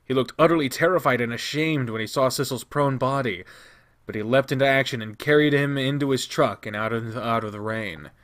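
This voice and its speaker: A man reading a visual novel aloud, narrating expressively with quick restarts. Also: mid-range voice, fairly bright tone. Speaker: game reader.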